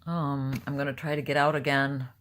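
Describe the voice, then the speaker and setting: A woman's voice: extremely low pitch, little pitch movement, normal speed, a bit bright, slight background noise. An older woman talking casually to camera, blunt and rambling, openly emotional. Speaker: vlogger.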